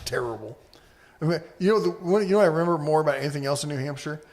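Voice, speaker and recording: A man's voice: on the high side, racing, a little mellow. A man co-hosting a casual live-stream podcast, rambling easily and reading viewer comments aloud.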